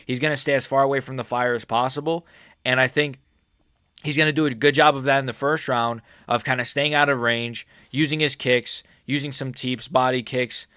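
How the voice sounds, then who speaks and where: A man talks through his fight predictions in a loose, excitable vlog style, cursing often and catching himself mid-thought. His voice sits at an ordinary middle pitch. The sound is dry and close, with no room echo. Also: moderate pace, clean tone. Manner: excitable, swears a lot, jokey, self-correcting. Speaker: MMA prediction channel host.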